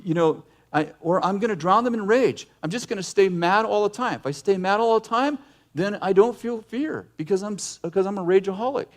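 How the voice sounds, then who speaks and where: A middle-aged male pastor preaching a sermon in an animated way, breaking into acted yelling now and then. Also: sits high. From United States.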